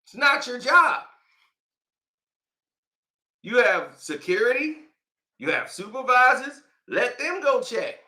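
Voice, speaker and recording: Bright, high-voiced man in a roomy space. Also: very animated, slow pace, pauses often. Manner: casual, slangy, laughs often between lines. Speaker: commentator. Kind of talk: animated commentary and storytelling.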